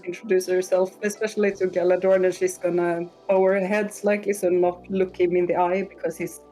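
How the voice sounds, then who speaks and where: A woman's voice: fairly low pitch, flat delivery, fairly quick, dark tone, poor audio. Matter-of-fact woman player. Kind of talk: tabletop role-play.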